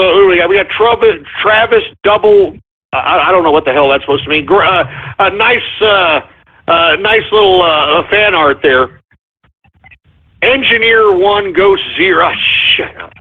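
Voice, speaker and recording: A man hosting a live internet radio show, reading listener shout-outs and flying into profane, shouted rants. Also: high-pitched, phone-quality sound. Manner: hot-tempered, profane ranting with shouted outbursts.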